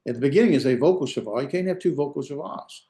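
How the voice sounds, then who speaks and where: A middle-aged man lectures a grammar class at an ordinary pitch, stopping often to correct himself and fill pauses. His delivery is hesitant and self-deprecating. The recording carries a noticeable room echo. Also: lively intonation, warm tone. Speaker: Hebrew instructor.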